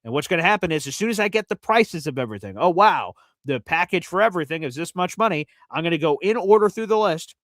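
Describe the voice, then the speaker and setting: A man's voice: a little high, expressive, fast talker, a bit bright, no room sound. A man hosting a live fan show in casual talk, chatty and enthusiastic, explaining things step by step. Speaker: host of a fan radio show.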